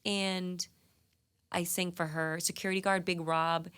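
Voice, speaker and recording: Bright, animated woman telling stories. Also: on the low side, unhurried, clean tone. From New England, US. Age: 30s. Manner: animated, laughing, lots of "like" fillers. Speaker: guest singer. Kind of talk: casual interview storytelling. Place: radio studio.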